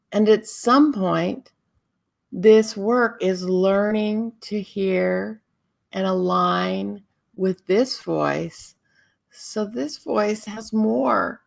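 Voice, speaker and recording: Slow, gravelly-voiced woman teacher. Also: medium pitch. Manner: calm, drawn-out, guiding delivery. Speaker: spiritual teacher and show host. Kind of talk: slow meditative spiritual talk.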